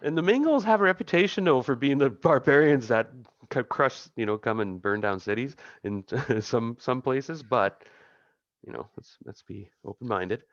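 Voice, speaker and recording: A man narrating as game master, chuckling and halting with many restarts. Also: mid-range voice, lively intonation, dry recording, dull audio.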